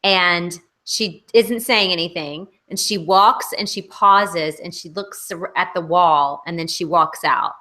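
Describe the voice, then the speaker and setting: Blunt, bright-voiced woman in a video chat. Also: on the low side, measured pace, hardly any pauses. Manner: blunt, emphatic critique. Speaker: co-host. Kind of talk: casual chat in an online hangout. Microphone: video call.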